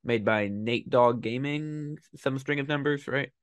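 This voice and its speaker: A man's voice: medium pitch, a little slow, smooth, no room sound. A male podcast host with a mid-range voice, friendly and enthusiastic as he asks questions. The recording is dry and close, with no room sound. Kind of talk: casual podcast chat.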